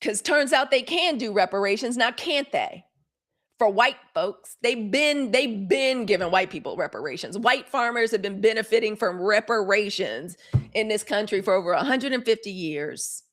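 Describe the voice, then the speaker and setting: A woman's voice: mid-range voice, lively intonation, moderate pace, a bit bright. A middle-aged woman from Mississippi with a Southern accent, hosting a live news commentary stream in a blunt, fired-up, profane manner, talking straight to viewers. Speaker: live news show host.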